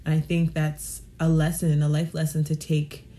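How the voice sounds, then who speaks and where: A woman's voice: deep voice, monotone, normal speed, mellow. A woman podcast host reflecting on a guest's story in an encouraging way. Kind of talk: reflective conversation. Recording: clear background noise.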